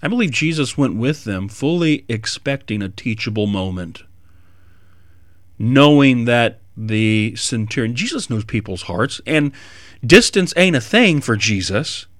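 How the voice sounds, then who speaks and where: Animated male preacher, dry sound. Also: mid-range voice, measured pace, dry recording. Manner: animated, rising to emphatic bursts. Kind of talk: expository sermon.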